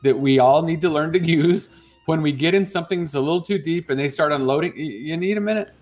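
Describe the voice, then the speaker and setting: A man's voice: a little high, fast talker, darkish tone, faint music behind. A man co-hosting a morning radio show, chatting and teasing his co-host in a casual, laughing way. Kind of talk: casual chat.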